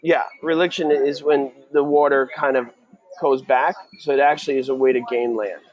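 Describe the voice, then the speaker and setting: A man's voice: mid-range voice, steady tone, moderate pace, a little mellow, dry recording, highs cut off. A man tutoring a student for a real estate exam in a casual question-and-answer session, quizzing and encouraging.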